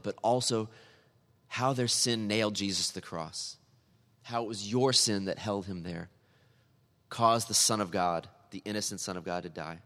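Male pastor, low voice, earnest sermon with emphatic repetitions, recorded in a reverberant church hall. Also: a bit bright. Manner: earnest, building to emphatic repeated appeals.

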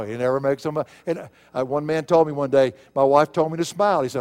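A pastor preaches a sermon in a church sanctuary, his fairly high voice brisk and a little mellow. He's folksy and emphatic, building to fervent peaks with rising bursts of intensity.

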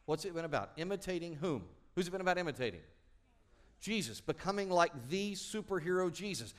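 A man's voice: sits high, expressive, fairly quick. A middle-aged man preaching a sermon, telling stories and acting out the people in them. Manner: storytelling, acts out quoted voices. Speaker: pastor.

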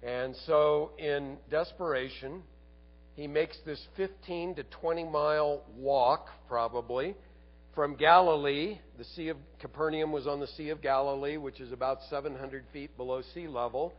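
A man preaching a sermon as a pastor, earnest, asking rhetorical tag questions and sinking to quiet emphasis. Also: fairly high pitch, a little slow, lo-fi sound.

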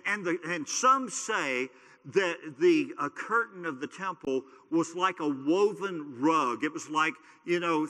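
Man, pastor, casual sermon, conversational, very bright tone, hall reverb. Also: high voice. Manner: conversational, storytelling, many fillers.

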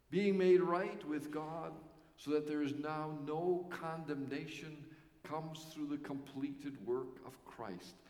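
A male pastor preaching a sermon with earnest emphasis and pauses that let key words land. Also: medium pitch. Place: church sanctuary. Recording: echoey church hall.

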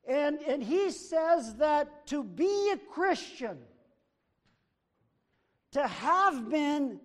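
A man preaching a sermon as pastor, emphatic, swinging between loud declarations and hushed asides. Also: extremely high pitch. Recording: long hall reverb.

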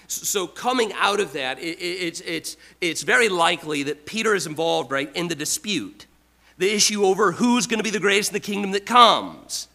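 A man preaching a sermon, emphatic, with repeated restarts, swinging from loud to quiet. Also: high-pitched, animated, moderate pace, vocal fry, poor audio. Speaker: pastor.

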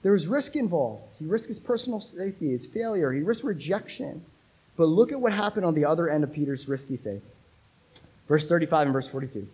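A male pastor preaching a sermon with emphasis, repeating key phrases and swinging between loud and hushed delivery. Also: a little high, expressive, brisk, breathy edge, low-quality recording.

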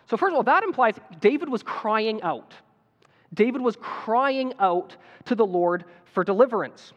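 High-voiced preacher in an echoing hall. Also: male voice, lively intonation, normal speed. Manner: earnest, building to emphatic appeals. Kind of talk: sermon. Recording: dull sound with long hall reverb.

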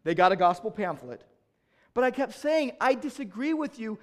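High-voiced male pastor preaching emphatically. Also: animated, moderate pace. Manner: emphatic, swings between loud urging and quiet, low delivery; tells stories with acted-out exchanges. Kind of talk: sermon.

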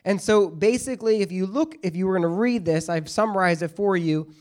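A man's voice: high voice, a little fast, darkish tone. A man teaching a casual Bible study, talking conversationally with joking asides and frequent checks like "okay?" and "all right?".

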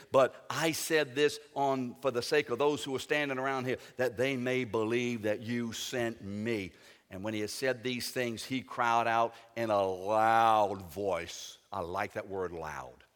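Dramatic preacher in a reverberant hall. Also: male voice, mid-range voice. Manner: dramatic preaching, swinging from loud to quiet. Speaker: pastor. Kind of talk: sermon.

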